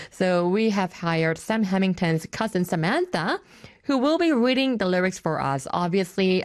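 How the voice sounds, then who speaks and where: A woman hosting a morning radio show, chatting in a bubbly, giggly way and switching quickly between languages. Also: mid-range voice, no room sound, studio quality. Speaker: radio host. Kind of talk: bilingual radio talk.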